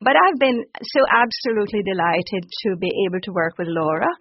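A woman talks about her work with warm enthusiasm and frequent laughter. Her voice sits at a mid pitch and sounds close and dry. The audio is dull and lo-fi, like a broadcast clip. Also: animated, fairly quick, no echo. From Jamaica. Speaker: children's author. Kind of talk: radio interview answers.

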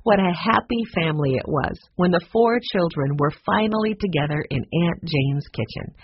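An audiobook narrator giving a lively, expressive reading of a children's story on a dull lo-fi recording. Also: mid-range voice, moderate pace, breathy edge, dry recording.

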